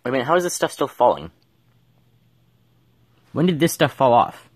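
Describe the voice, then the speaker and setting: A man's voice: mid-range voice, big pitch swings, moderate pace, long pauses, breathy edge, no room sound, studio quality. A man giving casual gameplay commentary, thinking aloud and mumbling with fillers as he plays at home. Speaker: gameplay streamer.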